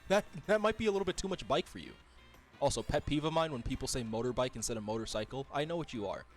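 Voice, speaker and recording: This racing-game streamer speaks fast with a medium-pitched voice while faint music plays behind him. He keeps the casual chat animated, laughing a lot and bantering with his audience.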